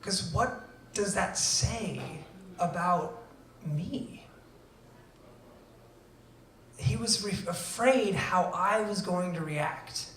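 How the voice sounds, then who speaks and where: Animated man telling a story on stage. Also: high-pitched, slow pace, few pauses. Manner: animated, acts out quoted dialogue, swings between hushed and loud. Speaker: storyteller at a live event. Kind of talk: live personal storytelling. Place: event venue before an audience. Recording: roomy venue, voice from far off.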